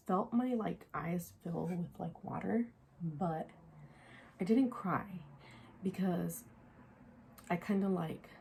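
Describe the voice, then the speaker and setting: A young woman chats through a personal storytime while getting ready, rambling with lots of fillers and now and then sinking to a whisper. Her voice sits a little low with a gravelly fry, and steady noise is clearly heard behind her. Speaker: vlogger.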